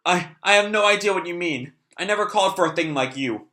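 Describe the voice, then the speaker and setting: A frightened young boy stammers his denials in a raised, strained voice, put on by a man reading a comic. The tone is bright and tense. He sounds shaken and pleading. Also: sits high, quick pace, voice pushed up. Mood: scared.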